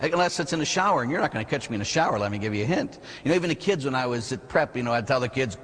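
A Catholic priest giving a sermon, preaching in a lively, conversational way with rhetorical questions and playful asides. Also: male voice, medium pitch, rapid-fire, few pauses, breathy edge. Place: church. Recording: long reverb of a church hall.

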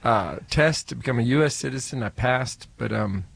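A man voicing a playfully menacing male rideshare driver with a slow, deliberate, raised voice. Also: medium pitch, vocal fry, fairly bright tone, slightly rough, full character voice. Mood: teasing.

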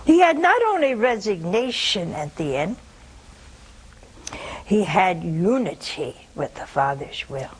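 A woman's voice: medium pitch, big pitch swings, takes it slowly, husky, low-quality recording. A woman in her seventies giving a reflective sermon, dropping to a whisper at times. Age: 70s. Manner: reflective, drops to a whisper for quoted words. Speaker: preacher.

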